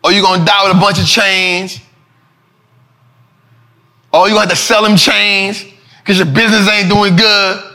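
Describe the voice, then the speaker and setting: Animated high-voiced man talking markets. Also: normal speed, pauses often. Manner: animated, preachy, slangy, repeats lines for emphasis. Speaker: finance show host. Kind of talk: casual market commentary.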